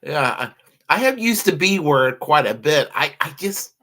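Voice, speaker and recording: Bright, hesitant male co-host. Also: on the high side, very animated, normal speed. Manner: hesitant, with many restarts. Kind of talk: casual political chat.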